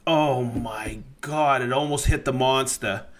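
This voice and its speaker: A man telling a near-miss woodworking story on a podcast in a lively, profane, laughing manner. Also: medium pitch, slow.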